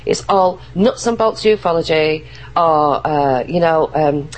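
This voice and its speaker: A woman's voice: low-pitched, measured pace, poor audio. A woman talking earnestly and emphatically as an interview guest, often restarting her sentences. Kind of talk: casual interview talk.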